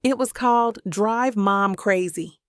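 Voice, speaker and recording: A woman's voice: medium pitch, takes it slowly, clear, resonant tone, dry recording, clean studio sound, lightly acted. A woman voicing a mischievous brother who ribs his sibling in an audiobook. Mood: teasing. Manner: mischievous, ribbing. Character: cheeky younger brother, teasing.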